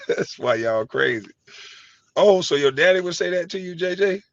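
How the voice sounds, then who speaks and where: A middle-aged man hosting a casual chat, telling animated, profane stories and laughing easily. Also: high-pitched, unhurried, gravelly, long pauses, no echo. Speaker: host. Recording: dry, slightly dull sound.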